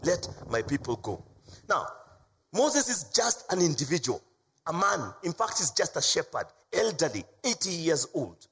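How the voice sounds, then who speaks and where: A man preaching a sermon as pastor, swinging from loud, raised emphasis down to low, quiet lines. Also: sing-song, moderate pace, slightly rough.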